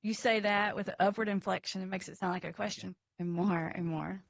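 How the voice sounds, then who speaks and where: A woman with a gravelly, creaky voice speaks as an addiction counselor guest, animated and emphatic. The sound is dry and a bit dull, like lo-fi remote audio. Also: medium pitch, a little fast, no echo. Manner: animated, emphatic, laughs between points. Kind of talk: casual interview chat.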